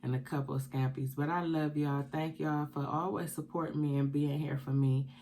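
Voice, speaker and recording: She's a keto mukbang vlogger with a deep, mellow voice, a steady tone and a moderate pace, and there's a little hiss or hum in the audio. Crying through an emotional personal confession, she keeps emphatically repeating her points as if preaching.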